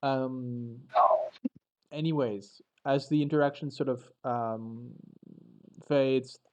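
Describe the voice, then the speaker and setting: A man narrating as game master, halting and restarting as he describes the scene. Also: mid-range voice, steady tone, dark tone, highs cut off. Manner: halting, full of fillers and restarts.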